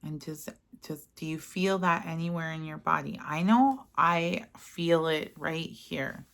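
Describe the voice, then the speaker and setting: Slow, low-voiced woman guiding affirmations. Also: creaky. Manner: slow, gentle, soothing affirmations. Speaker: self-help guide. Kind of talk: guided mirror-work affirmation lesson.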